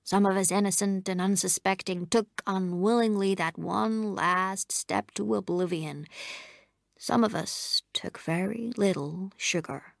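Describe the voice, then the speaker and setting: A woman reading as a pompous old gentleman. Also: mid-range voice, measured pace, creaky, no room sound, clean studio sound. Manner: florid, courtly storytelling. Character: elderly genteel invalid uncle, pompous raconteur.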